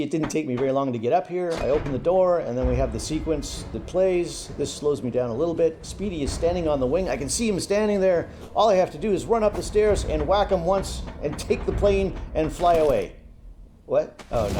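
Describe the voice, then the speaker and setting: Young male gamer narrating his own play, relaxed and chatty, mellow tone over faint noise. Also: a little high. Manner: relaxed, thinking aloud with fillers. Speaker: gaming commentator. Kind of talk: casual gameplay commentary.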